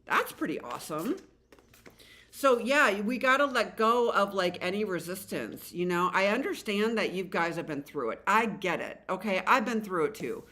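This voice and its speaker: A woman's voice: mid-range voice, moderate pace. A middle-aged woman giving a casual tarot reading, rambling with many fillers and restarts and casual swearing. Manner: animated voices when quoting the cards. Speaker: tarot reader.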